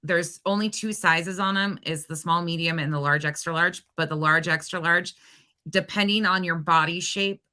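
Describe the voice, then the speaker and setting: A woman's voice: fairly low pitch, steady tone, normal speed, pushed and bright. A woman on a livestream, chatting casually about clothing sizes while keeping up with comments. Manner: chatty sales talk, reading comments.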